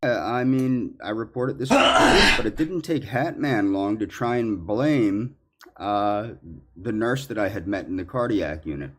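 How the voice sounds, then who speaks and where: A man in a ranting monologue, accusatory and indignant, halting with fillers. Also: fairly low pitch, expressive, a bit bright, slight background noise. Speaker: commentary subject in clips.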